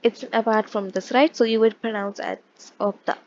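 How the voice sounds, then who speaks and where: Higher-voiced woman teaching a language lesson. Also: steady tone, a little fast, darkish tone, lo-fi sound. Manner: explains patiently, with frequent restarts and check-ins. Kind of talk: casual online lesson explaining pronunciation.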